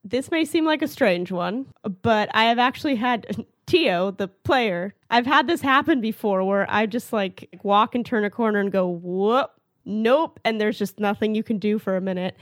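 A woman's voice: mid-range voice, normal speed, few pauses, no echo. Playful woman player, dry sound. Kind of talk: casual chat at the game table.

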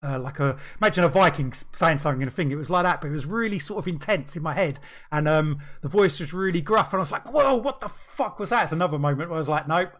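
Male podcast co-host, casual, rambling, lots of fillers, a bit high-pitched. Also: quick pace, few pauses, fairly bright tone. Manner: rambling storyteller, many restarts and fillers. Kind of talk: casual chat.

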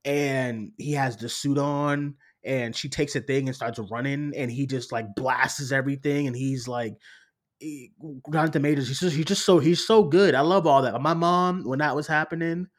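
A man co-hosting a casual movie review chat, animated and laughing often. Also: normal speed. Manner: animated, laughs often, mimics others in high voice. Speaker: podcast co-host.

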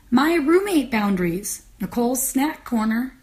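Brief: woman podcast host, higher voice, sarcastic comic ranter. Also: lively intonation, normal speed, darkish tone, faint music behind. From United States. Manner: ranting, sarcastic, exasperated. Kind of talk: comedic podcast monologue. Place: Los Angeles.

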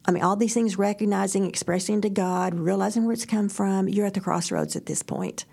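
A middle-aged woman co-hosting a faith talk show, telling stories in an animated way, acting out quotes and laughing often. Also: mid-range voice, fairly quick, gravelly. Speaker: podcast co-host. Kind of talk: faith-based casual chat, storytelling.

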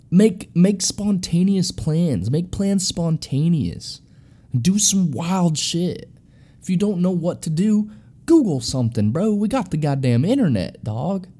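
A man's voice: on the high side, warm tone. A young man telling a story in a loose, profane, slang-heavy way, calling his listeners bro and dude. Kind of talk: casual storytelling.

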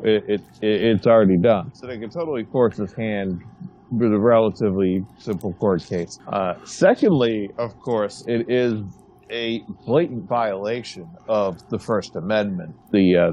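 Lower-voiced man explaining on a podcast. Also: a little mellow, a little hiss or hum. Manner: explanatory, halting restarts. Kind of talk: casual podcast talk.

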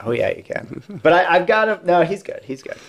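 A man's voice: sits high, fairly quick, gravelly. A man on a podcast telling entertainment interview stories in a casual chat, acting out the quotes. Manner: animated anecdotes acting out quotes.

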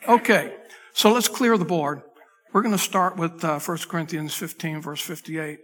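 Husky-voiced pastor in a reverberant hall. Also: male voice, fairly high pitch, moderate pace, a bit bright. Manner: loose, chatty delivery with frequent restarts and asides to the tech crew. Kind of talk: conversational sermon. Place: church sanctuary. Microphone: microphone.

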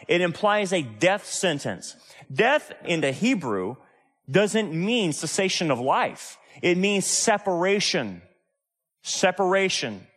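Male pastor, slightly raised pitch, emphatic sermon delivery with rhetorical questions; long hall reverb. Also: fairly bright tone.

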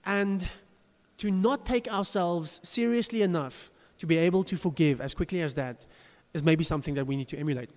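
A man's voice: on the high side, moderate pace, darkish tone, long reverb tail. A pastor preaching a sermon to his congregation, chatty and self-deprecating, with frequent restarts.

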